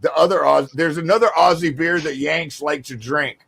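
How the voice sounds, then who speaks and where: Gravelly American man, joking host. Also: fairly high pitch, moderate pace, a bit bright. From United States. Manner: loose, joking, swears freely. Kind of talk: casual podcast chat.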